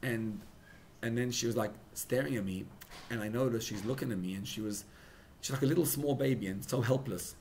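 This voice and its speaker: A young rabbi preaching at a farbrengen, emotional, building to loud emphatic peaks and mixing in Hebrew and Yiddish words. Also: male voice, medium pitch, a little fast, slight background noise. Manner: mixes in Hebrew and Yiddish terms. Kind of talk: sermon at a farbrengen gathering.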